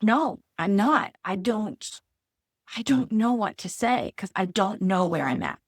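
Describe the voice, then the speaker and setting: A woman's voice: medium pitch, very animated, a little slow, husky, no room sound, clean studio sound. Candid, emotional woman podcast host. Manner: candid, openly emotional, searching for words. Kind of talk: casual heartfelt chat.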